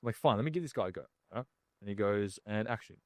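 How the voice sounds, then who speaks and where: A man's voice: fairly low pitch, animated, fast talker, a little mellow, dry recording. Male podcast guest, casual storyteller, slangy, dry close sound. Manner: casual, slangy, acts out other people's lines. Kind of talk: animated storytelling.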